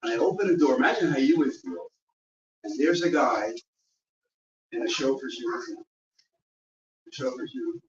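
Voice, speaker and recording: A man's voice: mid-range voice, moderate pace, pauses often, far from the mic. A man telling an anecdote to a live audience at a memorial gathering, acting out the people in his story. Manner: animated, acts out the voices in his stories. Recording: dull, echoey room miked from afar, audience audible.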